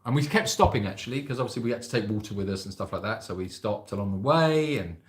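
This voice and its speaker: A man's voice: on the low side, expressive, fast. Host, man, rambling chatty storyteller, roomy echo. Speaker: sanctuary host. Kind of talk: casual livestream chat. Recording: echoey room.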